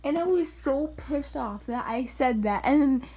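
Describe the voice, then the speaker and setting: A woman's voice: sits high, lively intonation, unhurried, warm tone. A woman vlogger telling a story in casual chat, filler-heavy and quoting voices with animation. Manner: chatty, filler-heavy, often says "like".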